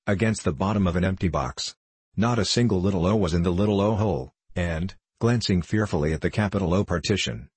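Deep husky male story narrator. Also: no echo. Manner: measured, formal storytelling. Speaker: audiobook reader.

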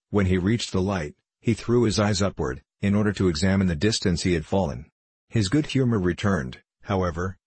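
A man narrating a classic novel in a measured, even audiobook reading. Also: sits low, slightly rough, no room sound.

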